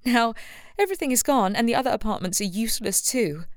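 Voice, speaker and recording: A woman narrator voicing a practical young woman who is upset and tired, her voice lifted higher than her narration and often softened to a hush. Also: lively intonation, fast talker, no echo, studio quality, close to an everyday voice. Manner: raised pitch, emotional, soft and hushed at times. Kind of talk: audiobook character reading.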